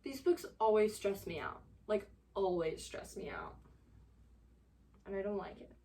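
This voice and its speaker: Slow-talking young woman vlogging about books. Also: mid-range voice, very animated, warm tone. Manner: dramatic, exasperated, rambling with many fillers. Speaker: book vlogger. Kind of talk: casual reading vlog.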